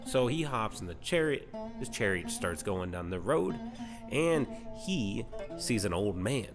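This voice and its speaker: Guy retelling a story all slangy and sweary, low voice, guitar music playing behind. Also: very animated, normal speed. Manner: profane, slangy, rambling with lots of "right?". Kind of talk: comedic storytelling explainer.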